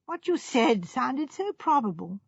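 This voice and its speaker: A woman's voice: sits high, very animated, measured pace, gravelly, husky, no room sound, voice pushed up, full character voice. A woman voicing a naive, wistful young actress with a plaintive way of talking. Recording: dull lo-fi recording.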